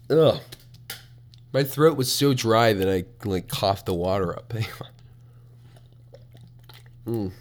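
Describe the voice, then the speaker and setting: Young man, podcast host, swearing, animated, pitch jumping all over, dorm room. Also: extremely slow, long pauses, a little hiss or hum. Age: young adult. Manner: profane, animated, shifts from mumbling to shouting. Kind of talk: casual solo podcast rant.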